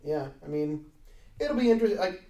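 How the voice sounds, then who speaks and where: A man's voice: sits high, expressive, brisk, dark tone. Sarcastic guy swearing casually, kinda far from the mic in a roomy space. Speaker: podcast co-host. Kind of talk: casual chat.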